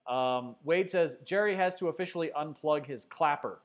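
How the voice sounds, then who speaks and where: A man with a somewhat high voice hosts a loose sports stream, reading comments from his viewers. He talks casually and teases the chat, with lots of ums and uhs between points. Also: moderate pace. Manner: chatty, teasing viewers, many fillers. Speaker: sports show host. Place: Denver.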